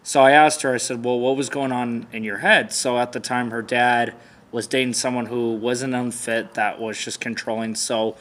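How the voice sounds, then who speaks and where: A man co-hosting a vlog as the boyfriend asks questions and works through a casual but serious conversation hesitantly, restarting often. His voice is medium in pitch and fairly bright, with fairly even intonation and a moderate pace.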